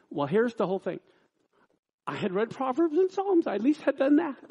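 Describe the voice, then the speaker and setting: A man preaching a sermon, reading scripture and telling a personal story in an animated way, acting out the people in it. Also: high-pitched, vocal fry. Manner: animated storyteller, acts out quoted lines loudly. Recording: dull lo-fi sound.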